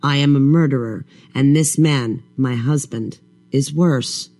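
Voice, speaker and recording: A man reading a first-person horror story in a slow, measured, brooding way. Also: medium pitch, darkish tone, faint music behind. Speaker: audiobook narrator.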